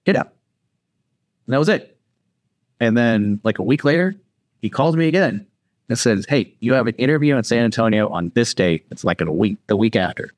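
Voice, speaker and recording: Animated man telling a story. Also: medium pitch, normal speed, long pauses, dry recording. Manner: animated, acts out quoted voices. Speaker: podcast guest. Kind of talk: casual storytelling.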